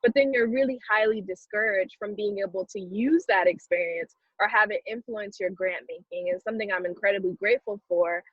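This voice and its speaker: Southern-accented woman, thoughtful and measured. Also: mid-range voice, slightly rough, dry recording. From South Carolina, US. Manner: thoughtful, measured, frequent "um" fillers. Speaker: philanthropy guest. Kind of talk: earnest conversational interview. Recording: dry, slightly dull lo-fi sound.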